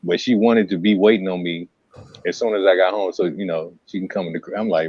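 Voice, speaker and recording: A man's voice: sits low, fairly even intonation, a little fast, a little mellow, no room sound. A man telling a story in casual podcast chat, laid-back and heavy on slang. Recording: dull lo-fi sound.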